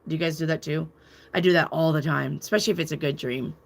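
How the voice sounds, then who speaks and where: A woman's voice: low-pitched, steady tone, fast talker, vocal fry. A woman hosting a live tarot channel, chatting casually and candidly, reading out viewer comments and swearing freely. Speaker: tarot reader and channel host. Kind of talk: casual live-stream chat.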